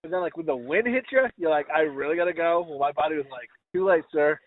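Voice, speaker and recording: A man's voice: fairly high pitch, animated, quick pace, dry recording. A man hosting a casual comedy podcast, telling rambling, profane stories. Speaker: podcast host. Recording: tinny phone-like call audio.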